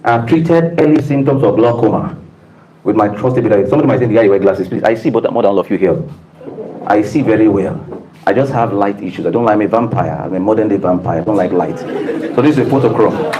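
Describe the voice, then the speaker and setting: A man with a fairly low, warm voice gives a fast, emphatic, preacher-like motivational talk to staff in a room, calling out to the live audience. The recording has cut-off highs and a little hiss or hum.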